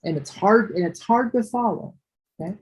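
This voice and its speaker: A woman's medium-pitched voice, a little mellow and slightly rough, leads a one-on-one online ESL lesson. She explains patiently and slowly, repeating and restarting to go back over her words, on a low-quality recording.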